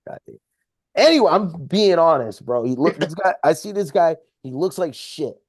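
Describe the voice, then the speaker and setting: A man's voice: on the high side, very animated, normal speed, no echo. Podcast guest, male, heated and profane storyteller, dry close-miked sound. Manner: profane, heated retelling of a confrontation. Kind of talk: casual storytelling. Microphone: podcast microphone.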